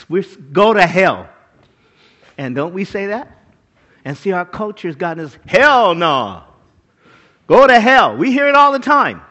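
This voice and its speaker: Animated high-pitched male preacher. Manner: animated, emphatic, asks the crowd for agreement. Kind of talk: sermon.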